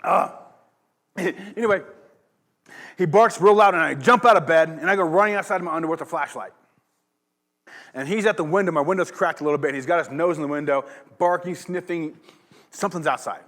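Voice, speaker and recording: A man's voice: fairly high pitch, a little fast, pauses often, a bit bright. A pastor giving a sermon, telling a rambling personal story in a casual, chatty way and laughing along as he goes. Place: church.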